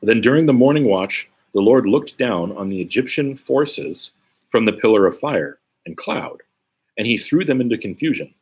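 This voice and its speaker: Husky low-voiced man teaching Bible study. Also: lively intonation, moderate pace, a little mellow. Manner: conversational, frequent "right?" tags. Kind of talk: casual Bible study reading and commentary.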